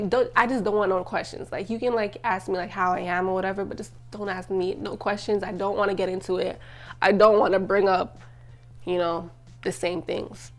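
Young female vlogger, confessional to camera, emotional, chatty with lots of "like". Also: medium pitch. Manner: emotional, tearful at times, frequent "like" fillers. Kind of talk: personal life-update vlog.

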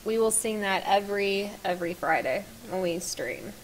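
A woman's voice: medium pitch, lively intonation, moderate pace, a little hiss or hum. A woman streaming a game live, chatting casually, laughing hard and piling on praise. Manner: giggly, bursts into laughter; effusive, repeats praise.

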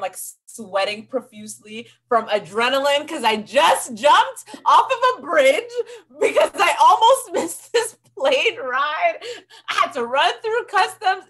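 A woman in her twenties, a podcast guest, telling stories in a lively, chatty way and acting out the voices of the people she quotes. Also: high voice, unhurried. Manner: animated, acts out quoted voices. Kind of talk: casual storytelling interview.

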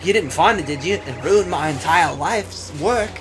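A man's voice: on the high side, lively intonation, normal speed, natural voice. A man voicing a pompous old male turtle explorer in a put-on Australian accent, with game music behind. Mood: blustery.

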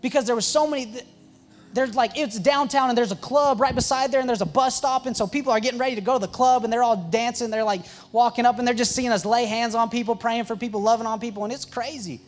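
A young man, a youth pastor, telling stories in an excitable, joking sermon full of quick asides and restarts. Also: extremely high pitch, soft background music. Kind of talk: storytelling sermon.

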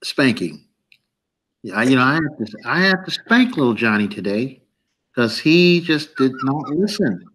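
A man's voice: medium pitch, big pitch swings, moderate pace, fairly bright tone, low-quality recording. A man in casual chat, joking and slipping into mock voices. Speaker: podcast co-host.

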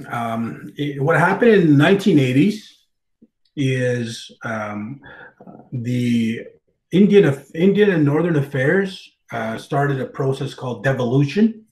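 A man giving an informal presentation, speaking haltingly with many fillers, restarts and throat clearing. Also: mid-range voice, expressive, darkish tone, reverberant, rough recording. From Canada. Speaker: guest speaker on language revitalization.

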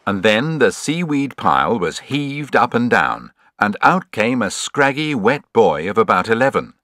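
A man narrating a children's adventure audiobook in an expressive, measured storytelling way. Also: mid-range voice, no echo, studio quality.

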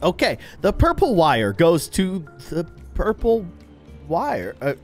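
A young man narrates his gameplay with a lively voice that rises and falls a lot, joking and getting flustered. Faint game music sits behind him. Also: high voice, slow pace. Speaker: gaming video host. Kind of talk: let's play commentary.

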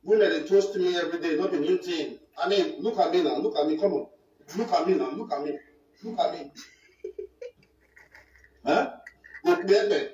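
A Nigerian man tells a boastful, defensive personal story in a high, mellow voice. The clip sounds roomy and dull, recorded far from the mic. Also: normal speed, long pauses, slight background noise. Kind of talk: personal story told to camera.

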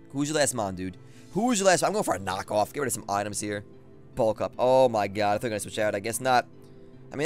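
A young man giving live commentary on his own online game battle, excitable and trash-talking, repeating phrases as he plays. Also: mid-range voice. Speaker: gaming commentator.

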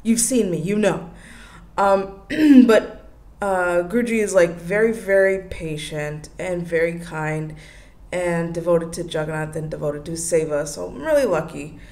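A woman's voice: on the low side, a little slow, a little mellow. A young woman hosting a casual solo podcast, chatting with lots of likes and you-knows and laughing often. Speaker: podcast host.

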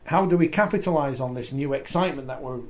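A man's voice: mid-range voice, fast. A man hosting a sports talk show, chatty and reading out viewer comments. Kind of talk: casual studio discussion.

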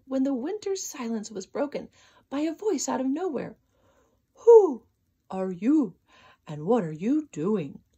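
Storyteller, female, breathy and expressive, reading children's books aloud. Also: a little high. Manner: expressive, sing-song narration.

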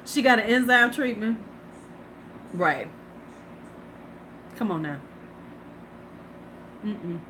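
A woman's voice: medium pitch, expressive, extremely slow, pauses often, a bit bright, a little hiss or hum. A woman in her fifties, a beauty vlogger hosting a live stream, chatting casually, laughing and greeting her viewers. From United States.

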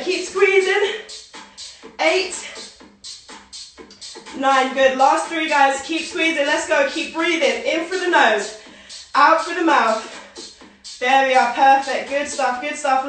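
Young woman fitness coach counting reps, high voice, sounds far from the mic in a super echoey room with music going. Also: slow pace, long pauses, a bit bright. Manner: upbeat and encouraging, calls out counts and cues. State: working out while talking, short of breath. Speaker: fitness instructor.

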